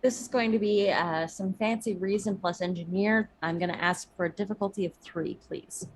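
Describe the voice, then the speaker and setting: A woman's voice: mid-range voice, steady tone, normal speed, breathy edge, poor audio. A woman running a tabletop game as game master, talking with many fillers and hesitations.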